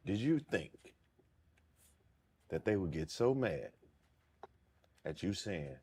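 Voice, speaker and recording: A man's voice: low-pitched, very animated, takes it slowly, long pauses, a little mellow, breathy edge. A man co-hosting a casual chat, asking blunt questions and reacting. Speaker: podcast co-host.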